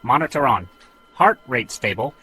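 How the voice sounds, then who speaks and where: A woman's voice: a bass voice, lively intonation, normal speed, bright, forceful tone, husky, voice pushed down, heavily acted, rough recording. A woman voicing a parrot that plays a stern head surgeon and barks short, clipped orders. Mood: bossy.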